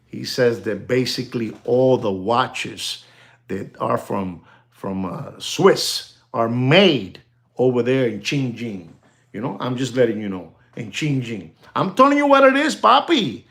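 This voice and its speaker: Male livestream host, gravelly voice, animated and conspiratorial, mid pitch. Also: slow pace. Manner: animated, repetitive, switching into Spanish; conspiratorial, addresses viewers directly. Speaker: live stream host. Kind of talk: casual livestream monologue.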